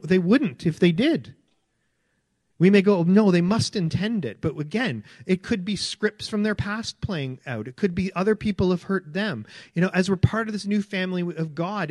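A man's voice: high voice, normal speed, darkish tone, dry recording, studio quality. A man preaching a sermon in an earnest, conversational way, often repeating his phrases. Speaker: pastor.

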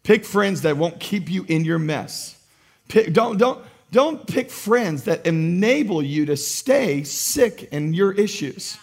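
A male pastor preaching a sermon with passion, swinging between loud exhortation and hushed emphasis. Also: sits high, big pitch swings, measured pace, gravelly.

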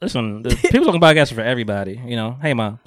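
A man's voice: mid-range voice, very animated, very fast, no echo, studio quality. A man hosting a podcast in casual chat, teasing his co-hosts and laughing along. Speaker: podcast host.

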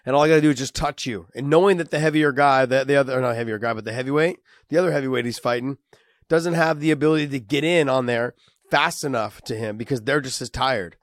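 A man with a cold and a raspy voice, breaking down fights in a casual, emphatic way, often restarting his sentences. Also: medium pitch, fast talker, no room sound, clean studio sound. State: has a cold, raspy voice and coughing. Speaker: co-host, fighter analyst.

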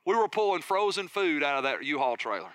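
A middle-aged man, a pastor preaching a sermon with energetic storytelling and questions to his congregation. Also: a little high, brisk, clean tone, no echo.

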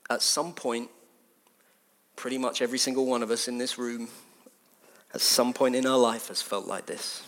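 A man preaching a sermon in a conversational, animated way, repeating phrases for emphasis. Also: mid-range voice, moderate pace, long pauses.

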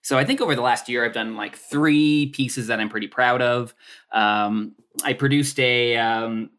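A Canadian man who is a comedian talks in a casual, rambling way, with lots of "um" and "like". His voice sounds bright and clear at an ordinary pitch. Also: normal speed. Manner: rambling, filler-heavy, self-deprecating. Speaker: comedian guest. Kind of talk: casual podcast chat.

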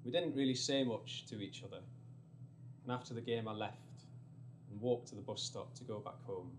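A man's voice: fairly low pitch, moderate pace, long pauses, background noise. A young man doing confessional storytelling stand-up, candid and rambling. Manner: candid, rambling, sliding quieter as the story turns sad. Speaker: stand-up comedian. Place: comedy stage.

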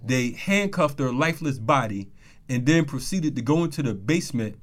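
A man's voice: mid-range voice, lively intonation, moderate pace. A man hosting a casual talk show, talking loose street slang and telling a story with heat. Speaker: podcast host. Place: Atlanta.

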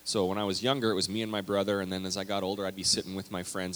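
Lowish-voiced male pastor in a reverberant hall. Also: little pitch movement, racing, a bit bright, a little hiss or hum. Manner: conversational, anecdotal preaching. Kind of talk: sermon. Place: church sanctuary.

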